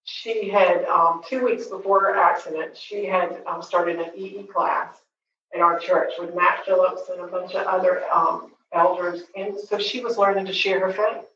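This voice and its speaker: A woman in her forties giving a personal faith testimony as a grieving mother, earnest and tender, pausing often with fillers. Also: lowish voice, fairly even intonation, fairly bright tone, a little hiss or hum. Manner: halting, with frequent pauses and fillers. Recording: very echoey, distant, dull recording.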